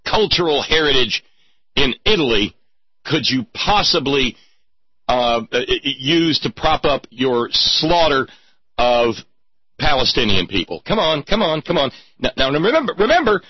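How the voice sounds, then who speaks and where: Man, sarcastic commentary, husky voice, dry dull lo-fi sound. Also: fairly high pitch, no echo. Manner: sarcastic, mocking, theatrical emphasis. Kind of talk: sarcastic political commentary monologue.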